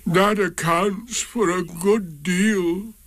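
A man voicing a gloomy old grey male donkey in a storybook reading, drawing out every word in a slow, dragging, sighing way. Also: high-pitched, a bit bright, no echo, pitched above the performer's own voice, exaggerated voice.

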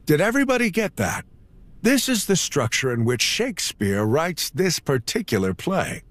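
A playful, theatrical English teacher. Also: male voice, fairly high pitch, big pitch swings, moderate pace, fairly bright tone, no echo. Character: quirky male English teacher. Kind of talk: audio drama acting.

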